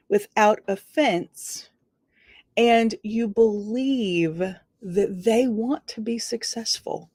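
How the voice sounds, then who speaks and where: A woman's voice: mid-range voice, gravelly, darkish tone, no room sound, clean studio sound. A woman giving an earnest motivational talk on leadership, stressing key words and drawing them out. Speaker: leadership speaker. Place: studio.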